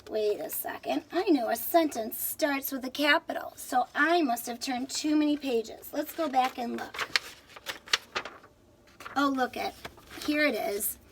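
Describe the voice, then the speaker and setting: A woman's voice: sits high, a little slow, slight background noise. A woman teacher reading a picture book aloud to children, stopping to explain words and ask questions.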